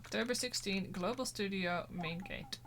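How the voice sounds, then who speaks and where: A woman's voice: mid-range voice, normal speed. A woman streamer chatting casually and joking while she plays a video game and reads its text aloud. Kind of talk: casual let's-play chat.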